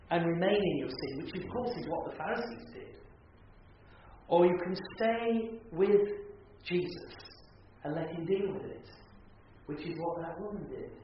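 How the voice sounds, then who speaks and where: A man's voice: high voice, very animated, normal speed, slight background noise. Man preaching in an echoey hall. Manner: storytelling, vividly retelling a scripture scene. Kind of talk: sermon. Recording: echoey hall, far from mic, dull.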